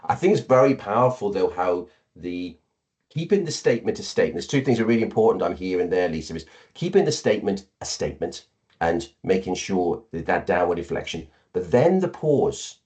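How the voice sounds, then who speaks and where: A man's voice: sits low, sing-song, brisk, a little mellow. A man hosting a business podcast, conversational and affirming, often restarting his sentences. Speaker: podcast host. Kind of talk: podcast interview.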